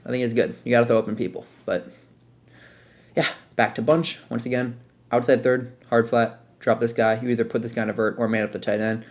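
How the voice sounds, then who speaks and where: A man's voice: mid-range voice, fairly quick. A young man giving a casual, rambling commentary over his football video game footage as a content creator. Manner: relaxed, rambling, filler-heavy breakdown of plays.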